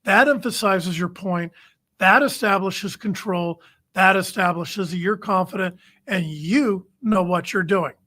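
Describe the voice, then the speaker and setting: A man's voice: sits high, measured pace, sharp tone. A man hosting a recruiting show, giving numbered coaching tips straight to the camera in a firm, plain-spoken way. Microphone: camera-facing webcast.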